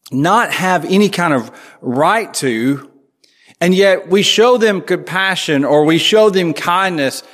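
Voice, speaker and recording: A man's voice: a little high, a bit bright. A man preaching a sermon to his congregation in a conversational way, asking them questions as he goes. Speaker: pastor. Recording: long hall reverb.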